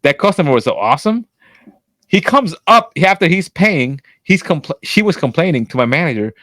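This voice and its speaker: A man co-hosting a podcast, telling a workplace story in casual chat, acting out quotes and cursing freely, with a voice he calls always loud. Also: normal speed, no room sound. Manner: animated, acts out quotes with big pitch jumps and profanity; says his voice is always loud. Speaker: podcast co-host.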